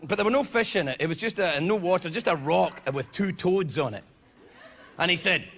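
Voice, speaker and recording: A Scottish man doing an animated stand-up comedy set on a theater stage. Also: brisk. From Scotland. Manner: animated storytelling, swinging into shouted high-pitched indignation. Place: large theater with a laughing audience. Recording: noisy live stage recording. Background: audience laughter.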